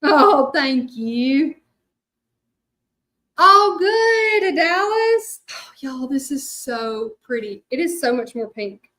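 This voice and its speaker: Middle-aged Southern woman, Louisiana drawl, folksy crafting host with a slightly high voice, loose and rambling. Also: slow. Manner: chatty, rambling, many fillers, talks to viewers. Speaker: hand-lettering artist. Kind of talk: casual craft livestream chat.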